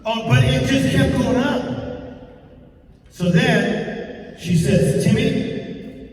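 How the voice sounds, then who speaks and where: A man's voice: very high voice, takes it slowly, darkish tone, slight background noise. A man giving a motivational talk as playful, preacher-like storytelling, recorded in an echoey hall from far off. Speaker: motivational speaker. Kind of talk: sermon-style storytelling.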